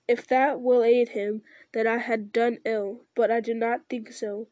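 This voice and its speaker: A woman voicing a noble, weary male ranger-king in a solemn, measured reading with small slips. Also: fairly high pitch, dark tone, no echo, lightly acted.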